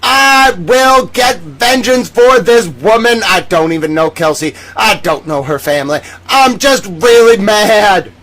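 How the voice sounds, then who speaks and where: A man's voice: sits high, lively intonation, unhurried, hardly any pauses, a bit bright, voice pushed up, low-quality recording. A man voicing an indignant self-styled male journalist who melodramatically demands that the government arrest people. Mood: outraged. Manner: melodramatic, pompous outrage, demanding.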